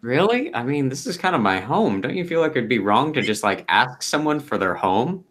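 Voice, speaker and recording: A man's voice: medium pitch, sing-song, normal speed, fairly bright tone, voice pushed up. A man voicing an easygoing young fey who lives alone in a tower, rambling and hesitant with lots of fillers. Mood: laid-back. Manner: rambling, hesitant, laid-back.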